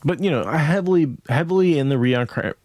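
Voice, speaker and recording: A man's voice: fairly high pitch, expressive, fairly quick, a little mellow, no echo, clean studio sound. A man co-hosting a podcast, talking through a book in a casual, rambling way, checking in with "right?" as he goes. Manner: thoughtful, rambling with many "right?" asides. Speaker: podcast co-host.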